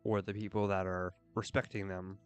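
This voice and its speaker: A young man with a fairly low voice chats casually while he plays, drifting from thought to thought in an earnest, rambling way. Faint game music sits quietly behind him. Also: little pitch movement, normal speed, smooth. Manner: earnest, rambling, with frequent "like" fillers. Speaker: streamer.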